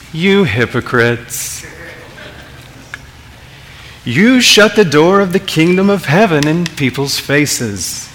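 Man putting on a gentle lilting Jesus, slow and quiet, soft-spoken. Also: fairly high pitch, a little hiss or hum, full character voice.

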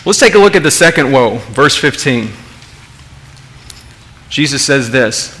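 A man's voice: mid-range voice, expressive, unhurried, pauses often, a bit bright. A man preaching a sermon as pastor, emphatic, asking the congregation rhetorical questions and often repeating words as he restarts.

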